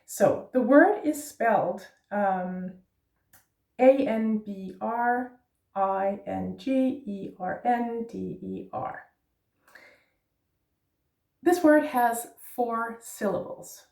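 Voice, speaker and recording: A woman's voice: fairly high pitch, very slow, creaky, pauses often, darkish tone, echoey room, distant mic. A woman teaching Danish pronunciation, patiently spelling out letters and checking in with "yeah?". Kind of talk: pronunciation lesson.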